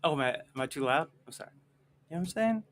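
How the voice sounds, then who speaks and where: A man's voice: on the high side, lively intonation, quick pace, a bit bright, a little hiss or hum. A man hosting a livestream, joking playfully and laughing often over a video call. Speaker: host. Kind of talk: casual banter on a livestream.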